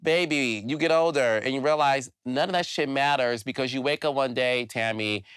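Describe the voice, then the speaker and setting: A man hosting a casual interview, talking in an expressive, frank and casual way. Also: medium pitch, moderate pace, smooth, dry recording, studio quality. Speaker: host.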